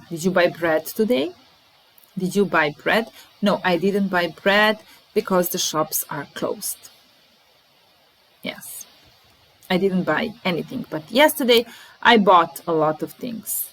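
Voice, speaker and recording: Slow, careful woman teaching English words. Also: on the low side, fairly bright tone, rough recording. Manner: slow, deliberate, repeats example sentences. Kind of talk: vocabulary lesson mixing English and Serbian.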